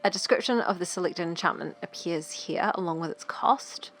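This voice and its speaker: A woman's voice: on the low side, normal speed, fairly bright tone, a little hiss or hum. A woman co-hosting a game let's play, reading tutorial text and adding dry quips. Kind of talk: casual gameplay chat.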